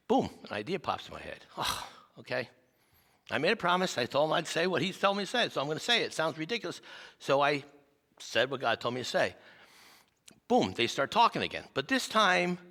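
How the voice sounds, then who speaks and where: A male pastor preaching with lively, self-deprecating stories. His bright voice swings up and down in pitch. Long reverb fills the church sanctuary. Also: normal speed. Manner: animated, self-deprecating storyteller. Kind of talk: sermon with personal storytelling.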